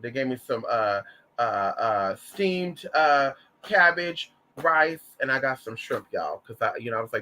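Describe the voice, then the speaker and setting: Campy, bright-voiced man chatting on a livestream. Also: medium pitch, measured pace. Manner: animated, campy, profane, calls listeners y'all and honey. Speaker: livestream host reading chat. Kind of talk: casual livestream chat and storytelling.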